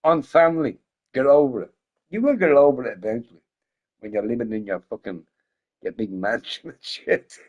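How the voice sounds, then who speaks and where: A drunk man streaming games, rambling loosely, swearing often and repeating himself as he swings between loud outbursts and mumbling. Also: mid-range voice, normal speed, dull audio. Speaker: gaming streamer. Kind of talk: rambling casual livestream chat.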